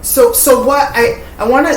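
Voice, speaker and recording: A woman's voice: sits high, steady tone, moderate pace. A woman hosting a podcast interview, affirming and reflective as she asks about her guest's story. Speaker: podcast host. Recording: roomy, distant mic, faint noise.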